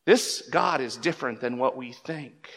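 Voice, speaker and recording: A man's voice: medium pitch, measured pace. Emphatic preacher man in an echoing hall. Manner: emphatic, swings between loud bursts and hushed lines. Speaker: pastor. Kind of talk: sermon. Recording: long reverb of a large hall.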